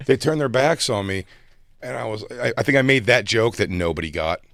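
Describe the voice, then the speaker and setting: A man with a fairly low voice tells a rambling comedy war story in a loose, conversational way. He jumps into other people's voices to act out their lines. The sound is close and dry, with no room echo. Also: animated, a little fast, gravelly, fairly bright tone. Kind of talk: casual chat, storytelling.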